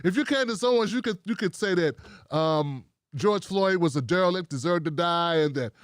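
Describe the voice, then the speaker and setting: A man's voice: sits high, expressive, normal speed, no room sound, clean studio sound. A man hosting a commentary show, talking casually and mockingly and repeating himself for effect.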